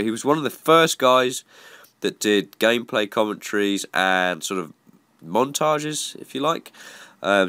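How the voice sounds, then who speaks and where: A man's voice: on the low side, bright, forceful tone, no echo. A man with a congested cold voice, giving chatty, self-mocking gameplay commentary. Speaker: gaming YouTuber.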